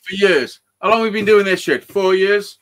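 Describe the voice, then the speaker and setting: A man's voice: sits high, moderate pace, crowd noise. A man hosting a casual live stream chat, swearing a lot and laughing often.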